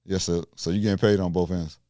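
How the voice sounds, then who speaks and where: Man, deep voice, smooth and clear, dry close sound, casual podcast talk. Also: fast, no room sound. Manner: animated, jumps high when riled up. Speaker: podcast host. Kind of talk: casual chat.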